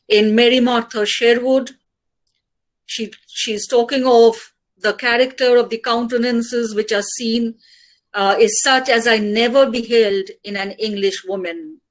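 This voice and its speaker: A woman speaker at an academic webinar, reading her lecture paper in a measured way and quoting passages. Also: on the high side, low-quality recording. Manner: slow, measured delivery with quoted passages. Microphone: video call.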